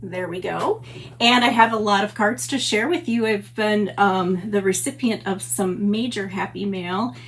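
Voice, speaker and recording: A woman's voice: mid-range voice, a little slow, fairly bright tone, slight background noise. A middle-aged woman hosting a papercraft livestream, chatty and gushing as she greets viewers by name. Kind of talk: casual livestream chat. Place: home stamp room.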